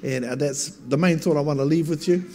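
A man preaching in an earnest, emphatic way, his voice sitting a little higher than most men's. He keeps pressing his points and lifts into louder bursts, over a faint hum of background noise. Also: fairly quick. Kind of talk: sermon storytelling.

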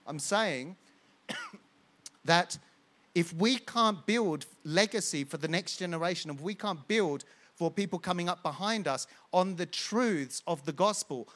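A man's voice: high voice, lively intonation, unhurried, a bit bright. A man preaching a sermon as pastor, building with rhetorical questions and repetition.

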